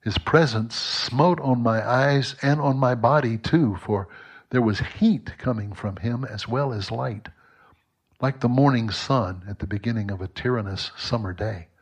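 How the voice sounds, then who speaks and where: A man giving a devotional reflection in an earnest, measured way, and reading aloud. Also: mid-range voice, slightly rough. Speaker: devotional speaker.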